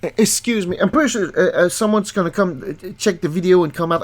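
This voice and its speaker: A woman with a fairly low voice talks fast as she hosts an angry reaction commentary, reading a document aloud. She's profane and exasperated, frequently stumbling over words and starting again.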